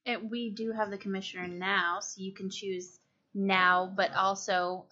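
A woman's voice: mid-range voice, flat delivery, a little slow, pushed and bright. A woman chairing a legislative committee hearing, formal and procedural as she calls on members and questions a witness. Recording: muffled lo-fi hearing audio.

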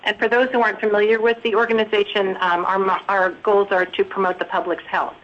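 A woman testifying for a public health association in a measured, formal way. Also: medium pitch, flat delivery, lo-fi sound. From Alaska.

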